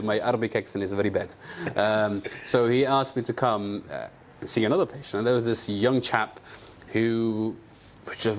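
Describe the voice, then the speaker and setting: A man with a fairly low voice tells a story in a relaxed interview. He acts out the lines of the people in it and fills gaps with "um" and "uh." Faint room noise hums in the background. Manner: animated anecdotes with quoted dialogue and fillers. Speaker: aesthetic doctor, clinic co-founder.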